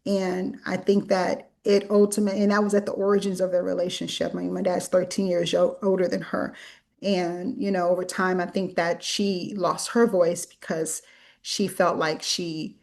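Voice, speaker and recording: A woman host leads a relaxed talk-series conversation. She rambles toward her questions, backtracks and corrects herself, and laughs easily along the way. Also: fairly low pitch, moderate pace, vocal fry. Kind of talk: casual conversational interview.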